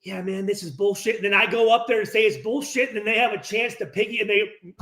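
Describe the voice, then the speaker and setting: A man's voice: sits high, quick pace. A middle-aged man hosting a post-game reaction, ranting casually and profanely and acting out the dialogue himself. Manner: profane, animated, acts out dialogue. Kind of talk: casual unscripted rant. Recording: roomy echo.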